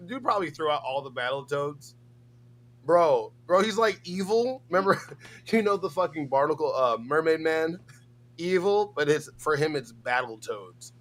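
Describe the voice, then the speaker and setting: Male streamer, high and lively, profane rants. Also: normal speed. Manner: animated, profane, ranting. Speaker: stream co-host. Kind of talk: casual reaction-stream chat.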